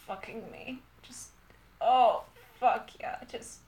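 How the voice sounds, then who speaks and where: Breathy high-voiced woman, slow and roomy. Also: animated. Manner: breathy, moaning, drifting into whispers. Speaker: erotic audio performer. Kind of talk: erotic audio monologue. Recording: echoey room.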